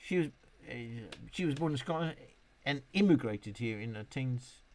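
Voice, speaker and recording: A British man in his late fifties chats casually on a live stream in a mid-range, expressive voice at normal speed. Slightly tipsy, he rambles, swears freely and reads viewers' comments out loud.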